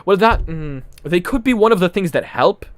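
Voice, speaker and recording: With a high-pitched, expressive voice at a moderate pace and no echo, a man from Poland hosts a live stream. He chats and rambles casually, laughing a lot, in a home room with a ring light, and his accent is mixed and partly Irish.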